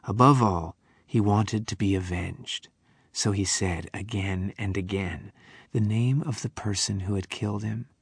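Male audiobook narrator, low husky voice, measured reading, dry close sound. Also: no room sound. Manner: measured, dropping to a whisper at quiet passages. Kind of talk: scripted narration of a novel.

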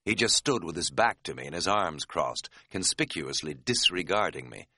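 A man's voice: deep voice, animated, normal speed, pushed and bright, no room sound. A man narrating an audiobook in a wry, dry-humored storytelling manner.

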